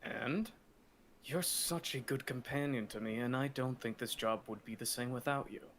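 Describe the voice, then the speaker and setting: A man playing a gentle, affectionate researcher, speaking softly and without hurry. His voice sits in a middle pitch range. Faint noise hums underneath. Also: normal speed, close to an everyday voice.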